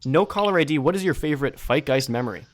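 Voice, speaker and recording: A man's voice: fairly high pitch, animated, fast talker, a little hiss or hum. A man co-hosting a podcast in casual chat, chatty and laughing often at himself. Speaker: podcast co-host.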